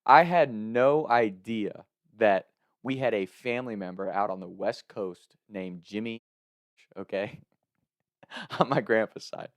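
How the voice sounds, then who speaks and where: Young adult man from Kentucky, low voice, animated comic storyteller, dry close sound. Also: no echo. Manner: animated, laughs often while telling the story.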